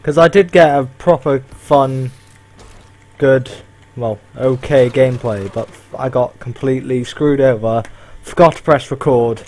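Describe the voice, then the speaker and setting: A man's voice: medium pitch, unhurried, darkish tone. A young man ranting and swearing through live commentary as he plays an online shooter. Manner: frustrated, ranting and swearing at lag. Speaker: gaming channel host.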